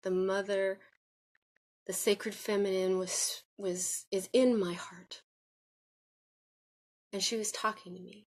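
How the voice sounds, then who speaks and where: A woman's voice: mid-range voice, little pitch movement, slow pace, long pauses. A woman telling a personal story to camera, rambling and circling back with many restarts and fillers in an earnest, confiding way. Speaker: vlogger. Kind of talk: personal spoken reflection.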